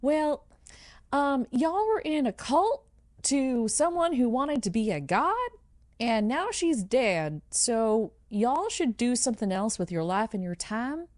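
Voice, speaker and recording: A woman voicing a fussy, flustered woman fighter in a tabletop game, high and stammering. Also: very animated, takes it slowly, darkish tone, no echo, clean studio sound. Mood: preachy.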